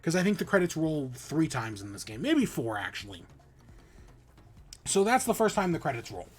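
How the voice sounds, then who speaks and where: A man on a podcast retelling a game's plot in a loose, rambling way. He swears freely and stumbles through restarts. His voice sits a bit high for a man. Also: normal speed. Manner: rambling, profane, animated retelling with many restarts. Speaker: podcast host. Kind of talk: casual spoilery game review.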